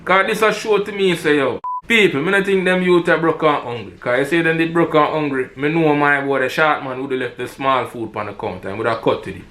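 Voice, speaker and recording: A man's voice: fairly high pitch, a little fast, hardly any pauses, bright, forceful tone. A man with a Jamaican accent, giving heated commentary in patois and repeating himself for emphasis. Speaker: commentator reacting to robbery footage.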